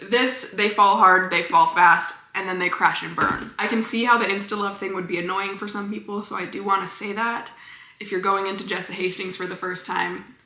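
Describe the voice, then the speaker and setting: Bright-voiced gushing book vlogger woman. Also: mid-range voice, steady tone, echoey room, a little hiss or hum. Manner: gushing, chatty, fast enthusiastic asides. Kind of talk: casual book review chat.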